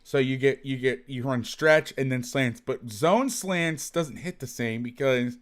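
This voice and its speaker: A man's voice: mid-range voice, measured pace. A man hosting a casual football film breakdown, rambling, self-deprecating and swearing freely. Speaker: host, football film analyst.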